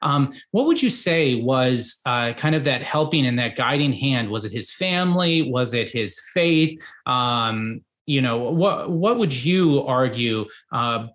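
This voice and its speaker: A man hosts a podcast in an ordinary mid-range voice. He builds his questions slowly, circling back with many fillers and restarts before he gets to the point. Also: mid-range voice, a bit bright. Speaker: podcast host. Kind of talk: conversational interview.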